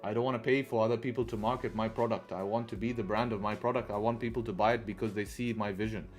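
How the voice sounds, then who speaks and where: A man with a lowish, steady voice talks fast over faint music while hosting a live trading stream. He chats casually with viewers, keeps tacking "right?" onto his points, and drops profane asides.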